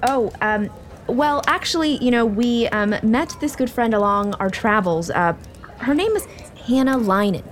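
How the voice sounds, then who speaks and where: A woman's voice: fairly high pitch, expressive, unhurried, slight background noise. A woman playing in a tabletop game, speaking casually and hesitantly with many fillers. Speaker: player.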